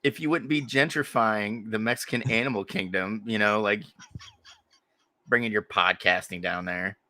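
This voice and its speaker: A man's voice: fairly low pitch, moderate pace, bright, forceful tone. A man co-hosting a casual podcast, tossing in dry, profane jokes. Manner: dry joking asides, profane. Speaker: podcast co-host. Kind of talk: casual chat.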